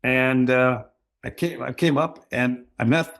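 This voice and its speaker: A man's voice: mid-range voice, unhurried, gravelly. Jokey storyteller man in his sixties. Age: 60s. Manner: jokey, animated storyteller acting out quoted voices. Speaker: podcast guest. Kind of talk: casual storytelling.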